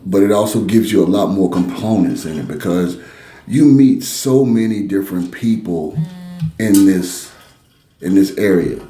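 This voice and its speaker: Casting: male co-host, very deep mellow voice, laid-back and teasing, echoey room. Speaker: sports talk co-host. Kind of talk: casual sports and cigar chat.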